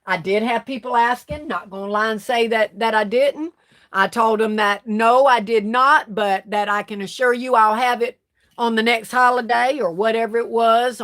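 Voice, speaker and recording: A woman's voice: medium pitch, fairly bright tone. A woman hosting a casual livestream, reading viewer comments aloud and chatting back at them. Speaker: livestream host.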